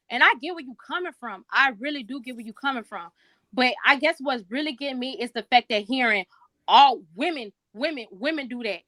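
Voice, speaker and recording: A woman's voice: high-pitched, sharp tone, dry recording. A woman co-hosting a podcast, speaking in an earnest, emphatic and heartfelt way in casual debate. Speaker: podcast co-host.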